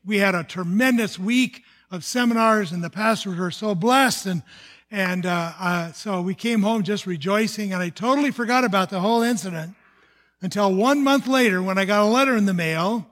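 A man's voice: high-pitched, moderate pace, a bit bright. An older man from the United States, a pastor, telling a personal testimony in an earnest storytelling sermon, often restarting his sentences.

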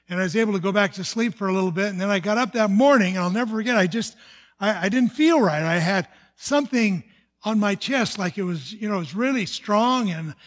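An older male pastor with a notably high-pitched voice shares a personal testimony. He tells the story earnestly, with halting restarts and fillers, in a plain sermon style. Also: fairly bright tone.

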